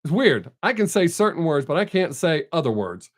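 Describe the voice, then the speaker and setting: On a live stream, a man chats casually and answers viewers bluntly with no filter, reading their names aloud. His voice is a little high and sing-song, at a moderate pace.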